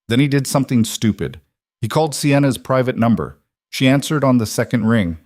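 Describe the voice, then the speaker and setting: A man reading a scripted dramatic story in a steady, even narrating manner. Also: medium pitch, a little fast, dry recording, studio quality.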